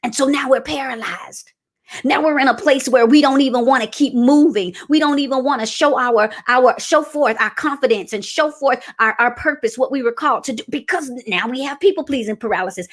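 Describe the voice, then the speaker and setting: A woman's voice: high-pitched, normal speed, a bit bright. A woman giving a motivational sermon in a preaching style, emphatic and repeating her key phrases as she calls out to the audience. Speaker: speaker.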